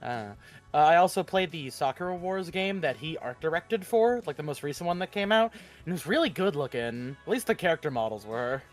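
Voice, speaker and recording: A man's voice: fairly high pitch, a little fast, soft background music. A man who plays in a tabletop game, chatting casually and cracking crude jokes. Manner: joking, crude, lively delivery. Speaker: player. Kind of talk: casual chat.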